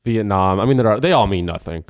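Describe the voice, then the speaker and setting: A man's voice: on the low side, animated, quick pace. A man co-hosting a podcast in casual chat, making dry, teasing jokes. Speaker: podcast co-host.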